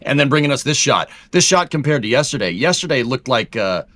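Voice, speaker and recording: Playful American man, lively pitch. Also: a little fast. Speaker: co-host. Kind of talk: casual live commentary.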